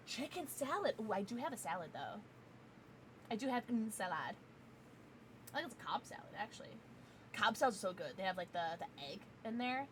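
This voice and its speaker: A woman streamer chatting casually while playing, giggly and chatty, quickly excited. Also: on the high side, slight background noise. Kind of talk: casual gaming livestream chat.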